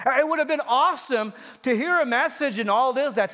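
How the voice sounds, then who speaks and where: A man's voice: very high voice, brisk, hardly any pauses, bright, forceful tone. A pastor in his fifties preaching a sermon in a church, speaking in an earnest, personal way and repeating phrases for emphasis. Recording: long hall reverb.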